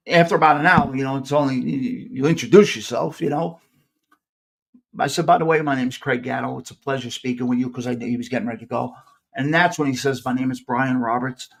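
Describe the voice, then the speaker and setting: A man's voice: on the high side, vocal fry. A middle-aged man with a New York accent, hosting a live podcast and telling rambling stories with many restarts. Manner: rambling, self-interrupting, animated storyteller. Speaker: podcast host. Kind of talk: casual storytelling on a live podcast.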